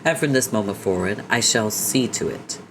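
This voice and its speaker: A man's voice: fairly low pitch, animated, moderate pace, background noise, close to an everyday voice. A man voicing a gallant cat-person suitor who speaks in flowery, theatrical praise. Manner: courtly, theatrical.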